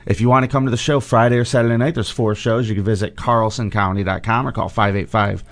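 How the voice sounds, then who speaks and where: A man hosting a talk radio show, reading promos and trading quick quips. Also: lowish voice, fairly even intonation. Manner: quick quips, reads promos in a brisk plain way.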